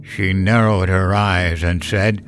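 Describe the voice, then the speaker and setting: A man narrating a horror story in a slow, measured storytelling style. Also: low-pitched, steady tone, a little hiss or hum.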